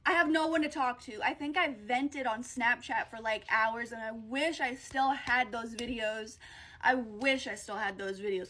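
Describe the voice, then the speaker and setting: High-voiced woman telling a story. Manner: profane, animated and blunt. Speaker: vlogger. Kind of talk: casual storytelling.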